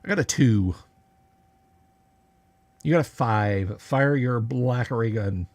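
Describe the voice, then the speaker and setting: A man narrating as game master of a tabletop game on an online stream, casual and halting with many filler words. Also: medium pitch, a little mellow. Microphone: video call.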